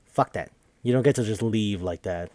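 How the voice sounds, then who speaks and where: A man's voice: on the low side, moderate pace, darkish tone, dry recording, close to an everyday voice. A man voicing a gleeful, cruel male bear mastermind in a mocking, offhand, profane way, on a podcast. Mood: taunting.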